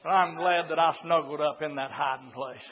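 Older preacher, high voice, impassioned, lurches from hushed to hollering; lo-fi church tape. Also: male voice, steady tone, fairly quick. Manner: impassioned, swings from hushed to shouting. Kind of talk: sermon. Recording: lo-fi recording.

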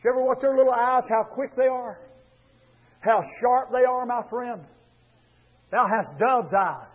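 Fervent preacher, high husky voice, rhythmic calls to the pews, dull lo-fi tape. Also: male voice, little pitch movement, normal speed. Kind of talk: sermon. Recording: dull lo-fi sermon recording.

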